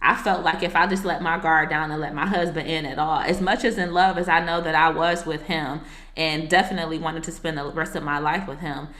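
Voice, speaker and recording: A woman's voice: deep voice, steady tone, brisk, fairly bright tone. A woman who is a marriage coach and author, a guest telling her personal story in a casual interview, earnest and reflective, with casual asides to the host. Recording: echoey room.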